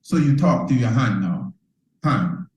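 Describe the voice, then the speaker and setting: A man's voice: medium pitch, lively intonation, unhurried, darkish tone, dull audio. Echoey preacherly man teaching. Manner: preacherly, repeats phrases and asks "you understand?". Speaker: priest teaching a self-improvement course. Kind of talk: motivational teaching talk. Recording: roomy echo.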